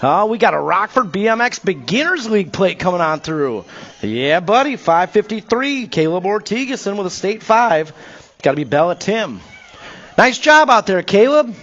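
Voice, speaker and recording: Man, race announcer, high voice, energetic live commentary, playful nicknames, slightly dull sound. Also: normal speed. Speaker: BMX race track announcer. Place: announcer tower at outdoor BMX track.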